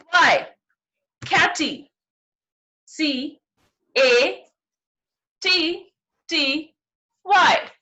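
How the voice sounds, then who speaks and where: High, lively Indian woman teacher. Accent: Indian English. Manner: encouraging, repeats "right?" to check understanding. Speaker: primary school teacher. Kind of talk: online phonics class for young children. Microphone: video call.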